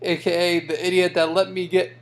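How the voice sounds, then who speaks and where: League commish doing a casual weekly recap, trash talkin, lots of uhs, mid pitch voice. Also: flat delivery, a little fast, very noisy. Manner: joking trash talk with frequent fillers. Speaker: fantasy football league commissioner.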